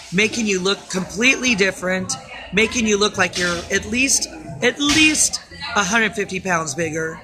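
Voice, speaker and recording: A woman's voice: mid-range voice, rough recording. A woman vlogging into her phone, tired and rambling, with nervous laughs breaking in. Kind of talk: casual phone vlog.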